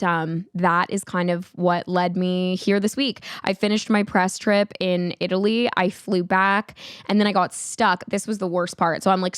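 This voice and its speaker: A woman's voice: medium pitch, clear, resonant tone, no echo, studio quality. Chatty young woman telling a story. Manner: chatty, animated, many "like" fillers. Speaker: podcast host. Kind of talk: casual storytelling.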